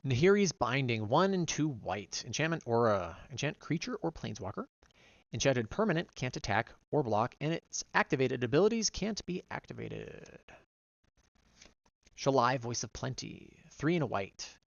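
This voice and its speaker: Gravelly man reading card text. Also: medium pitch, big pitch swings, no room sound, dull audio. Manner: reads card text aloud, quick and run-on. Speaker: vtuber streamer. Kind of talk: casual card-by-card deck reading.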